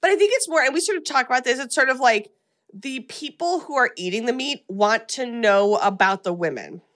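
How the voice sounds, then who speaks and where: A woman hosting a podcast, recapping a film in a chatty, animated way with many fillers. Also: a little high, a little fast. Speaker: podcast host. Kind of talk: casual chat recapping a film.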